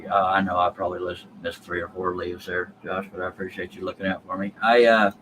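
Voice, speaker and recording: Man, low-pitched, folksy joking stream host talking casually to chat, light room hiss. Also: flat delivery, fast, fairly bright tone, low-quality recording. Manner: folksy, jokey, addresses chat viewers.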